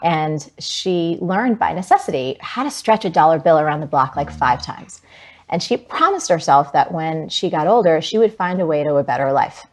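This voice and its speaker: A woman in her forties from New Jersey, telling a personal story as an interview guest, animated and vivid with many "like"s. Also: low voice.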